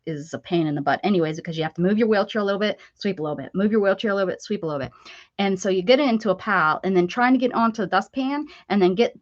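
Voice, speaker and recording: A woman's voice: medium pitch, muffled recording. A woman hosting a casual live crafting stream, chatty and bubbly, greeting viewers and laughing. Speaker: craft video host.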